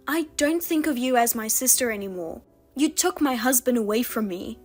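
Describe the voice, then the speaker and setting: A woman's voice: high voice, expressive, normal speed, soft background music. A woman narrating her own story in the first person, reproachful and indignant toward her sister. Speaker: narrator and wronged wife.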